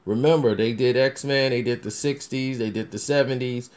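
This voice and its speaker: A man's voice: medium pitch, steady tone, normal speed, a little mellow. A man talking casually about upcoming films as a review vlogger, rambling with many restarts and fillers. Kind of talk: casual movie commentary.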